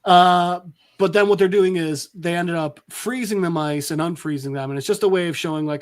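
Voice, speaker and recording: Man, podcast host, casual comic recap, high voice, rambling with fillers. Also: normal speed. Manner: rambling, with lots of fillers and acted-out quotes.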